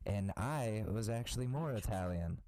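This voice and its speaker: A man co-hosting a podcast, chatting casually and cracking jokes with quick bits of silly voices. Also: fairly low pitch, expressive, warm tone, no room sound, low-quality recording. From part Korean family. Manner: jokey, slips into silly put-on voices. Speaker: podcast co-host. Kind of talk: casual comedic chat.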